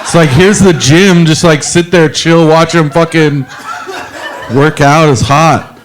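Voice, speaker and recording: A man in his forties doing a stand-up comedy set, rambling and self-deprecating, halting with lots of fillers. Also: fairly high pitch, fairly even intonation. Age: 40s. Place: comedy club stage with a live audience.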